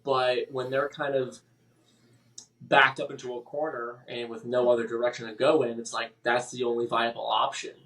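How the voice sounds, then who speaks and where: Halting, emotional man, a little off-mic. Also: mid-range voice, little pitch movement, a bit bright, distant mic. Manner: halting, emotional, with many restarts and fillers. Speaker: podcast guest. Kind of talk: personal story in a podcast interview.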